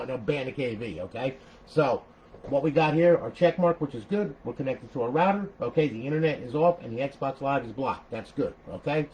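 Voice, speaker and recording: An older man giving a loose, rambling walkthrough, forever checking in with "okay?" and "all right?" and cursing casually. His voice sits at an ordinary middle pitch. A faint hiss of noise runs underneath. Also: darkish tone, rough recording. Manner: rambling and chatty, peppers lines with "okay?" and "all right", swears. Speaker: console modder showing a build.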